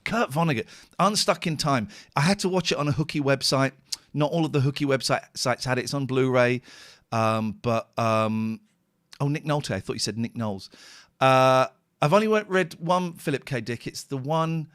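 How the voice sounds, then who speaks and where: A man's voice: medium pitch, normal speed, a bit bright, dry recording. A middle-aged man hosting a radio show, chatting casually and rambling emotionally, worn out and close to tears. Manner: emotional, rambling, tearful at times. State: tired. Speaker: radio host. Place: radio studio. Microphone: studio microphone.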